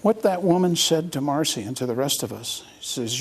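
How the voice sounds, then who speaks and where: A man's voice: a little high, expressive, a little fast, few pauses, slightly rough. A middle-aged man, an interview guest, telling a personal story in an earnest, reflective way.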